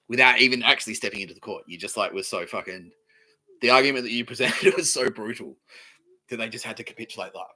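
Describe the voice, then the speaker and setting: A man's voice: mid-range voice, quick pace, bright, forceful tone, rough recording. A young man hosting a podcast, talking in a casual, swaggering, profane way and laughing often. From Australia. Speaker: podcast host. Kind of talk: casual comedic monologue.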